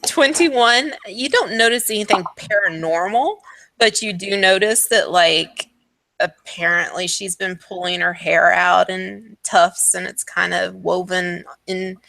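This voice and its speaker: A woman narrating as dungeon master for a tabletop game, halting and full of restarts. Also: on the low side, vocal fry, sharp tone, no room sound. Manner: halting, many fillers and restarts.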